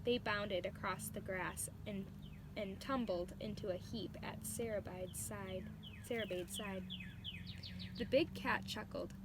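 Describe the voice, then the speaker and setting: Slow-reading woman storyteller. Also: medium pitch, steady tone, background noise. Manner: slow, explaining words to young listeners. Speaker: storybook reader. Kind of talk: reading a storybook aloud to children.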